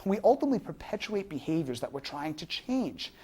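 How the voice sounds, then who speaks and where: A woman's voice: on the low side, big pitch swings, fairly quick, dark tone, breathy edge. A woman giving an instructional lecture to fitness trainers, explaining through examples and rhetorical questions.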